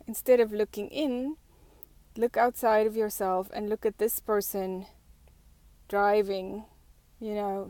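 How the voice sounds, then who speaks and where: A woman's voice: medium pitch, dark tone, dry recording. A woman vlogger talking through her thoughts in a reflective, casual way, with lots of fillers and restarts.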